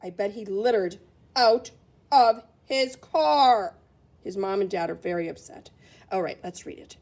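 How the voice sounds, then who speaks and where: A woman teacher reads a picture book to children, her voice sitting high and leaping widely. She exclaims over each picture and chats with a helper as she turns the pages. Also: fairly quick. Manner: animated, exclaiming, talks to a helper. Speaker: teacher reading aloud to children. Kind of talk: expressive read-aloud for kids.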